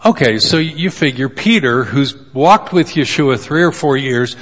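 A man's voice: mid-range voice, lively intonation, measured pace, few pauses. A man preaching a sermon in a casual, joking way, retelling Bible passages with little acted quotes. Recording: long hall reverb.

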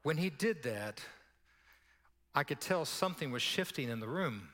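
A man's voice: on the high side, animated, normal speed, fairly bright tone. A male pastor preaching a sermon in a conversational, storytelling way, with laughing asides and acted-out quotes. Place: church sanctuary. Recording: long church hall reverb.

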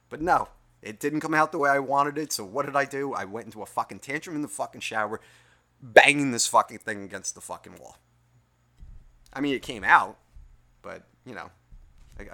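A man's voice: medium pitch, a little fast, gravelly, pauses often, sharp tone. A young man ranting in a profane, rambling, self-mocking monologue, tired after a long day. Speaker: podcast host.

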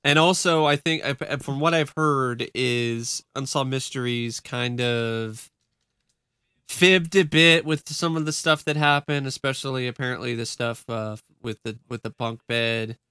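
A man co-hosting a podcast in casual chat, relaxed, laughing easily. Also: medium pitch, measured pace, clean tone, dry recording, studio quality. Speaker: podcast co-host.

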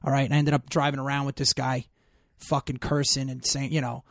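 A man's voice: medium pitch, little pitch movement, brisk, dry recording, clean studio sound. A man telling stories in casual chat, emphatic and full of profanity.

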